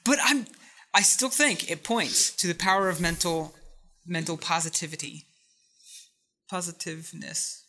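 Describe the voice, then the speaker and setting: A podcast co-host in casual chat, excitable and rambling, laughing often. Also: mid-range voice, a little slow, long pauses.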